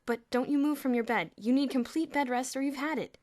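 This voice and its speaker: A woman's voice: high voice, fairly quick, darkish tone, no room sound, voice pushed up, close to an everyday voice. A woman voicing a scheming teenage schoolboy who sounds urgent, then grave and mock-serious.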